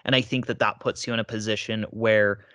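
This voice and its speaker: Lowish guy on a podcast, calm, explains things step by step, dry mic. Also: fairly quick, dry recording. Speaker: podcast co-host. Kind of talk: casual discussion.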